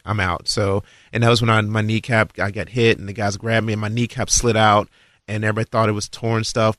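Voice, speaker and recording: A man telling a long, animated story about his football days, acting out his own lines. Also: dry recording, studio quality. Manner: animated, acts out dialogue with rising pitch. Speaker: guest recalling his football career. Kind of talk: casual storytelling.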